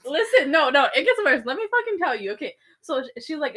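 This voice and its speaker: Young woman cohost talking fast, laughy, cussing while she tells the story. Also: high voice, sing-song, fairly bright tone. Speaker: podcast co-host. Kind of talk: casual chat.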